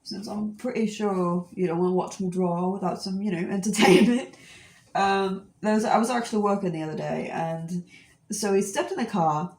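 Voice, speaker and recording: A woman's voice: mid-range voice, roomy sound. A woman in her twenties chatting casually while she draws, telling a rambling story full of fillers. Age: 20s. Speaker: art streamer. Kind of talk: casual chat while drawing.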